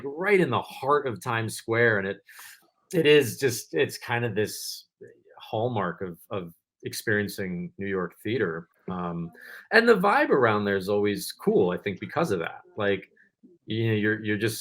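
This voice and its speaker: An American actor in casual conversation, rambling and hesitant but eager. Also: male voice, lowish voice, a bit bright. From United States.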